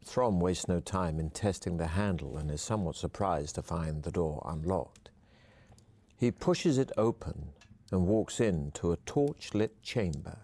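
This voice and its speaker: A man narrating a fantasy adventure game in the second person, calm and even. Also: low-pitched, measured pace.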